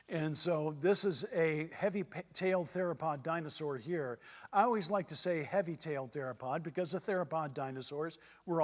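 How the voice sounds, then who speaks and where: A man from Texas giving a church seminar lecture in a folksy way, repeating his points for emphasis. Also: on the high side. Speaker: seminar speaker. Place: church hall. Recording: long hall reverb.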